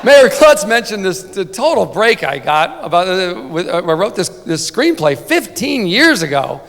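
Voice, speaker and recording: Higher-voiced man telling jokes at a banquet podium. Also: very animated, measured pace, a bit bright. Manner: chatty comic storytelling, frequent "right?" asides. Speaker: sportswriter giving an award speech. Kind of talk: humorous banquet speech. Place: banquet hall. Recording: long banquet-hall reverb.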